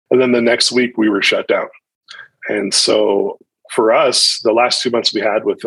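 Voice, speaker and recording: A man's voice: lowish voice, fairly bright tone, husky, no echo, rough recording. A man in his thirties, a pastor, talking reflectively in a podcast interview, often restarting his sentences. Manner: reflective, with frequent restarts and fillers.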